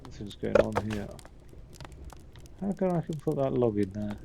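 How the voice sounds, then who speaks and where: Gravelly man swearing through a game. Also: on the low side, animated, moderate pace, background noise. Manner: swears freely, mutters, reads game text aloud. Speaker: streamer. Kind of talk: casual gameplay commentary.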